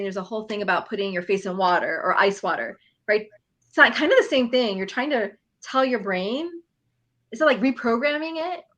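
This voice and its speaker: A woman's voice: mid-range voice, fairly bright tone. A woman hosting a casual live show, chatty and eager, asking questions and chiming in with "okay.". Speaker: host. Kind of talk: casual live-stream chat.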